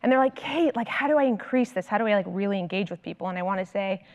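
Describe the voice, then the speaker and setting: A woman in her thirties, a consultant and coach, giving a conference talk in an animated storytelling manner with lots of "like". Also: mid-range voice, fast, lo-fi sound. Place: large conference hall. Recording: long hall reverb from stage.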